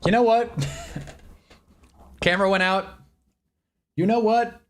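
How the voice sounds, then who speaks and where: A man's voice: sits high, fairly even intonation, slow pace. A man reacting live on a stream, rambling and annoyed, joking and talking while he eats.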